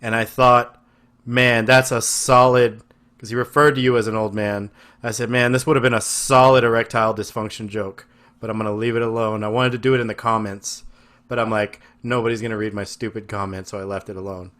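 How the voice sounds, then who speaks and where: A man's voice: lowish voice, flat delivery, brisk, a bit bright. A man from West Texas hosting a podcast over a video call, chatting casually with effusive, profane enthusiasm. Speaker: podcast host. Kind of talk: casual chat.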